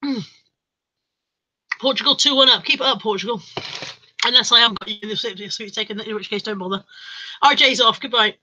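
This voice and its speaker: Bright, chatty woman streaming. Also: fairly high pitch, a little fast, pauses often, poor audio. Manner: chatty, jokey, laughs often. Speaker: livestream host. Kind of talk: casual chat reading out live comments.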